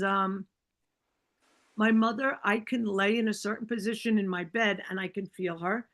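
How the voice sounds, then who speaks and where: A middle-aged woman, a podcast guest, telling a personal story in casual conversation, animated and acting out the other people with many fillers and restarts. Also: medium pitch.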